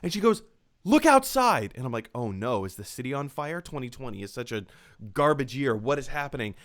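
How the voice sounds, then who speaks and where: A man hosting a casual movie news show, excitable and chatty as he tells stories. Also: medium pitch, fast talker. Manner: excitable, storytelling. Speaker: host. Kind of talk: casual chat. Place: apartment.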